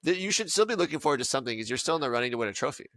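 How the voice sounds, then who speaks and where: A man's voice: mid-range voice, big pitch swings, racing, fairly bright tone, no echo. A man hosting a casual sports podcast, rambling and often trailing off to restart his sentences. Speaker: podcast host.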